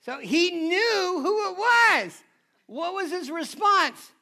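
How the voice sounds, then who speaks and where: A man with a very high voice preaches in a loose, conversational way. His tone is bright and sharp, and he keeps checking in with the crowd. It sounds like a friendly talk, not a formal lecture. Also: very animated, slow, gravelly. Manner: chatty, keeps asking the audience "right?". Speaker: pastor. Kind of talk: casual conversational sermon.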